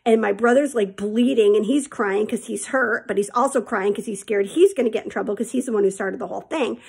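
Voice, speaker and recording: A woman's voice: mid-range voice, brisk, gravelly, darkish tone, husky. A woman teacher telling her students a personal story in a chatty, candid way and calling them friends.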